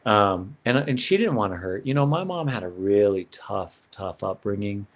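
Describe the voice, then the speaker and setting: A man's voice: fairly low pitch, big pitch swings, normal speed. A man sharing an earnest personal story as a podcast guest, in a casual way with lots of "man" and "bro".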